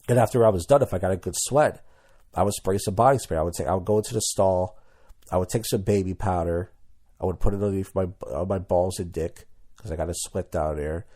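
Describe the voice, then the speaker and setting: A mellow, low-pitched young adult man hosts a podcast with a rambling, crude comedic monologue. As he tells his stories, he impersonates the people he quotes.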